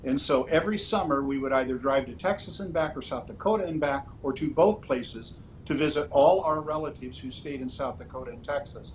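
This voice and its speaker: A man speaking as a political candidate in an interview, his voice sitting at an ordinary middle pitch. He lays out his answers in a measured, orderly way. Light background noise and a faint rumble run under his speech. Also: low-quality recording. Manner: measured, orderly, with frequent "uh" fillers.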